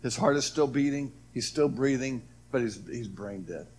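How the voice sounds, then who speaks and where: A man's voice: mid-range voice, normal speed, a little mellow, husky. A man giving a personal testimony, earnest, his voice swelling and dropping as he acts out what others said. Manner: earnest, voice rises and falls with the story, acts out quoted speech. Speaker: speaker telling his near-death story.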